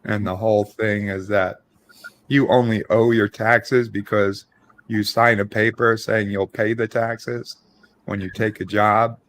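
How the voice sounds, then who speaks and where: A man's voice: on the low side, little pitch movement, unhurried, a bit bright. A man hosting a casual online panel chat, dry and joking.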